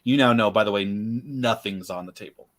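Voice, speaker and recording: A man's voice: lowish voice, a little fast. A man, a guest writer on a panel, talking casually with jokes and rambling asides. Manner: animated storyteller, jokes and trailing asides.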